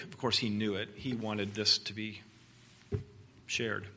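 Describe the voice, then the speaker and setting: A man giving an earnest, expressive storybook reading and adding his own commentary. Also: fairly low pitch, a little slow. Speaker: speaker reading from a book.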